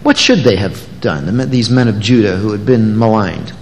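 A man preaching an expository sermon, animated, acting out the voices of the people in the passage. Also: on the low side, moderate pace. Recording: long echoey hall reverb.

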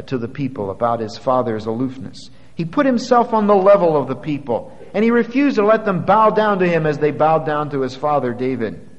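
A man preaching a sermon. He retells a scripture story with dramatic swings from quiet to loud. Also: medium pitch, big-room sound.

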